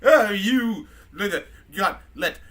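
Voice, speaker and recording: A man voicing a foul-mouthed, drunk, fussy male robot butler with a put-on British accent and shrill squawking outbursts. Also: expressive, slow pace, fairly bright tone, full character voice. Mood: insulting.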